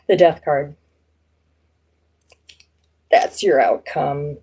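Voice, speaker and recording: A woman's voice: deep voice, lively intonation, very slow, breathy edge. A woman doing a casual live tarot reading, chatting loosely to viewers with lots of fillers and easy laughs. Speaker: tarot reader.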